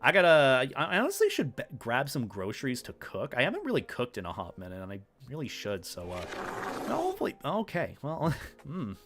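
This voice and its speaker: A man's voice: medium pitch, wildly swooping pitch, a little fast, background noise. Playful rambling male streamer. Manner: rambling, playful, talks to chat. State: hiccups. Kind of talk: casual live stream chat.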